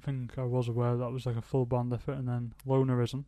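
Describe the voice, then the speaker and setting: A man's voice: medium pitch, monotone, a little fast, warm tone, dry recording. A man co-hosting a music podcast, talking hesitantly with restarts and trailing thoughts. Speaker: podcast co-host. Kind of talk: casual music chat.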